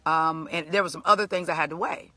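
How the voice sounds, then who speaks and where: Middle-aged woman motivational speaker, bright and forceful, lively preacherly storyteller. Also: deep voice, quick pace. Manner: animated, conversational, preacherly. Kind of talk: storytelling live stream talk.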